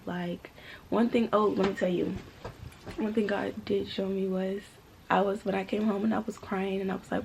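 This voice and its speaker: Young woman, gravelly fry, casual vlog storytelling, animated, faint hiss. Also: medium pitch, quick pace. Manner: animated, talks straight to viewers, faith-filled testimony. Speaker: vlogger.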